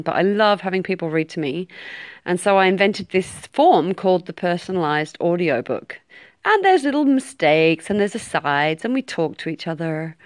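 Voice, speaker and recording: A woman hosts her podcast in a bubbly, playful way, drawing out words for effect. Her voice sits a little low. The sound is dry and close. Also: no echo. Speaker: podcast host. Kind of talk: casual chat replying to listener messages. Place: outdoors in her garden at night.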